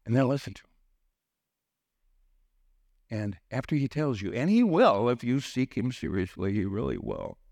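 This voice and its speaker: A man's voice: medium pitch, big pitch swings, moderate pace, creaky, pauses often, darkish tone, dry recording, studio quality. A middle-aged man preaching a sermon, telling personal stories and acting out the people in them. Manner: storytelling, acts out quoted voices with sudden lifts. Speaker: preacher on a church teaching team.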